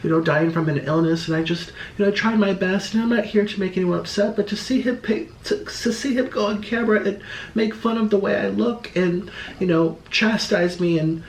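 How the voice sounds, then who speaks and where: A man voicing a fragile, tearful young woman who speaks in a soft, pleading whimper. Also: high voice, fairly quick, creaky, recorded from a distance, a little hiss or hum, voice pushed up. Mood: weepy. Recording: roomy echo.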